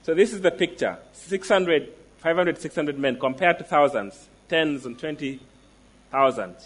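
A man preaching a sermon, emphatic, slowing down to stress declarations and asking the listeners direct questions. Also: on the high side, animated, breathy edge.

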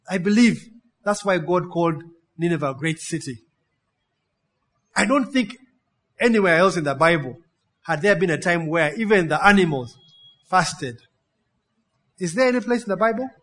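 A man preaching a sermon, calling out to his congregation and stacking up synonyms as he goes. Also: sits high. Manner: animated, call-and-response, piles up synonyms.

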